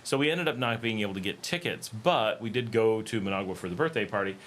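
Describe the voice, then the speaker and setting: There's slight background noise as this middle-aged American man talks fast on his livestream. His voice is lowish and a bit bright, and his casual chat rambles with many ums and false starts.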